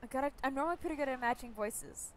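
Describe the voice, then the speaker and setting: A woman's voice: high-pitched, racing, slight background noise. A young woman gaming streamer giving chatty, playful let's-play commentary and reading game text aloud.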